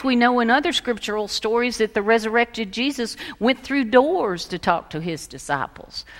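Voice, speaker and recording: Woman preaching in a reverberant hall. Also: on the high side. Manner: storytelling, shifting between lively emphasis and hushed softness. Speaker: pastor. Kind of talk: sermon. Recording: long reverb of a large hall.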